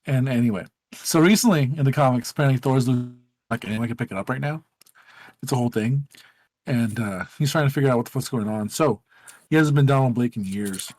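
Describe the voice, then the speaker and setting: Brief: male podcast co-host, mid-pitched, rambling and profane, dry close sound. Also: brisk, a little mellow, no room sound. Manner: rambling, profane storytelling with many fillers. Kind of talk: casual group chat.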